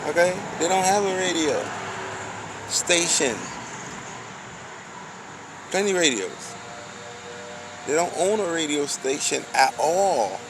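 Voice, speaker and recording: A man's voice: fairly high pitch, expressive, slow pace, long pauses, background noise. A man giving a loose, slangy street monologue, preaching and firing off rhetorical questions.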